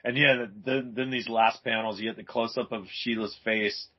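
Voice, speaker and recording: A man's voice: mid-range voice, fairly even intonation, moderate pace, dull audio. A man co-hosting a comics podcast in casual chat, enthusiastic and laughing often as he describes panels.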